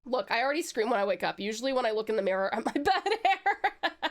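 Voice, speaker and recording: A woman's voice: on the high side, fast talker. A woman from Tasmania with an Australian accent, chatting playfully on a live stream and greeting viewers. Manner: playful, teasing, bursts of excited squeals. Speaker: VTuber streamer. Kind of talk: casual live-stream chat.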